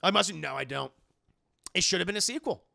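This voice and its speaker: Excitable, profane young man streaming. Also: sits high, a little fast, creaky, no echo, studio quality. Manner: rambling, profane, excitable, answers chat. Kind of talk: casual live-stream chat.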